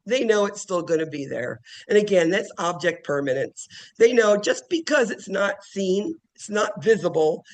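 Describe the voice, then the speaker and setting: High-voiced, animated male nursing professor. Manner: animated, acts out children's play and cries. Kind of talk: classroom lecture. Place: classroom.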